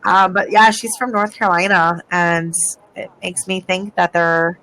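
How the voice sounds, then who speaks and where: A woman co-hosting a podcast in casual conversation. She tells personal anecdotes at an easygoing, measured pace and steers the chat along with plain, friendly remarks. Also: lowish voice, steady tone, pushed and bright, a little hiss or hum, rough recording. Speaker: podcast co-host.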